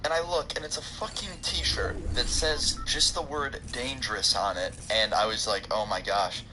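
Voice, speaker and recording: A man's voice: mid-range voice, normal speed, pushed and bright. A young man telling a profane, rambling story to camera in a casual, joking vlog. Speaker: storytime vlogger. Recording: clear background noise.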